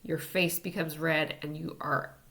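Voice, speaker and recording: A woman teaching an energy healing technique in a casual, relaxed way, talking as she demonstrates tapping on herself. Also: deep voice, measured pace. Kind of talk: casual instructional talk.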